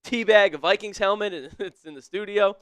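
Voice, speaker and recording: A young male fan commentator with a high, bright, smooth voice, recorded dry and close. He calls the action on a live stream, yelling at big plays and laughing between calls, and slips into a playful put-on British accent. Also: a little fast, no room sound. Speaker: live stream co-host doing play-by-play.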